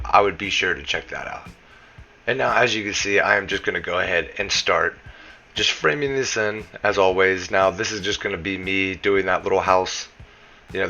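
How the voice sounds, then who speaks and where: A Southern US man with a low-sitting voice, vocal fry and a sharp tone voices his own game building guide. His narration is casual and talkative, sprinkled with frequent "you know" remarks.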